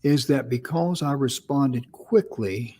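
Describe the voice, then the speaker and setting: An easygoing man co-hosting a relaxed talk show. He tells his stories in a folksy, meandering way, backing up and restarting mid-sentence. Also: mid-range voice, slow pace, slightly rough. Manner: folksy, rambling storyteller with restarts. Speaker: co-host. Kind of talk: casual talk show chat.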